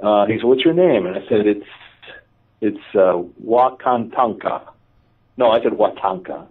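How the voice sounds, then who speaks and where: A man, a radio interview guest, telling a personal story in a lively, self-mocking way and acting out the dialogue. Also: lowish voice, measured pace, recorded from a distance. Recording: tinny phone line, off-mic.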